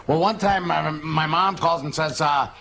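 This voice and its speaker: High, gravelly man hosting a horror show. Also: unhurried, sharp tone, a little hiss or hum. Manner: rambling, playful storyteller. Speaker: horror movie host. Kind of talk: joking studio banter.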